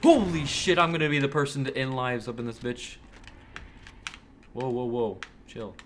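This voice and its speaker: A young man commentating his own online shooter match, excitable and cursing, yelling at other players. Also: medium pitch, normal speed, a little hiss or hum. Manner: excitable, swears often, yells at other players. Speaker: gamer streamer. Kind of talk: live gameplay commentary.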